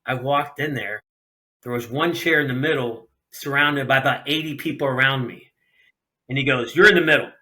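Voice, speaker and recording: His voice is mid-range and moderately paced as he tells stories casually on a podcast. The middle-aged man, a racer from Ohio, USA, animatedly performs the voices of the people he quotes.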